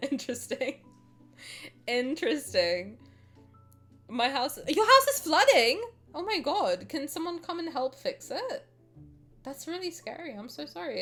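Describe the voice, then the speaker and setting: A woman's voice: fairly high pitch, a bit bright. A British woman streamer in casual reaction chat, rambling, laughing and talking to her chat. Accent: British English. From Britain.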